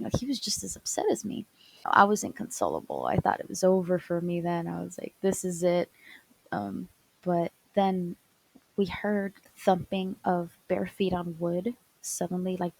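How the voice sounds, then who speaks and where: A young female student narrates a personal story over an animatic in a low, gravelly voice with a breathy edge, and the audio is poor. Her delivery is halting and soft, full of stutters, fillers and restarts, and she often drops to a whisper.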